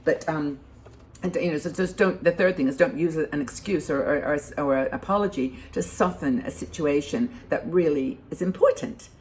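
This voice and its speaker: A woman's voice: deep voice, moderate pace, a little mellow. An older woman hosting a casual advice talk, rambling with many fillers and restarts. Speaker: host.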